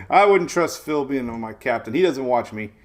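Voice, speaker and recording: A man's voice: mid-range voice, animated, unhurried. A man in his forties hosting a casual live weather stream, chatty and rambling, laughing often and greeting viewers by name. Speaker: weather show host.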